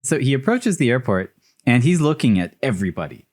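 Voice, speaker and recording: A man's voice: mid-range voice, sing-song, a little fast, a little mellow. A man co-hosting a film podcast, talking casually and laughing often, with lots of filler words. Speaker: podcast co-host. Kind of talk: casual chat.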